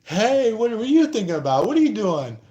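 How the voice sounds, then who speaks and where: A man's voice: big pitch swings, fairly quick, mellow, echoey room. A man doing a whiny, pushy admirer. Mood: whiny pleading. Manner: whiny, pleading, high-pitched. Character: pushy, nosy, clingy would-be lover.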